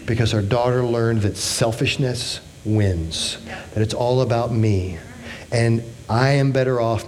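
A man's voice: fairly low pitch, darkish tone, slight background noise. A man in his fifties preaching a sermon, emphatic, with rhetorical questions and joking asides. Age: 50s. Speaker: pastor.

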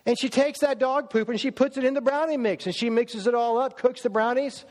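A man preaching a sermon in a church, emphatic and full of rhetorical questions, slowing down to stress his words. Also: very high-pitched, fairly even intonation. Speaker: pastor. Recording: long church hall reverb.

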